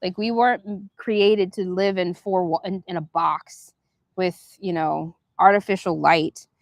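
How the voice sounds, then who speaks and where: Soft-spoken woman musing outdoors. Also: fairly low pitch, fairly even intonation, dry recording, clean studio sound. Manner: meandering, soft and reflective, guides slow breathing. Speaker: livestream host. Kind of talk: casual spiritual livestream chat. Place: outdoors near a park.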